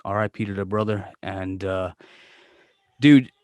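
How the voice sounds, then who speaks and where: A man's voice: deep voice, a little slow, darkish tone, slight background noise. A man hosting a casual podcast chat, swearing freely and joking loosely with his guest. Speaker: podcast host.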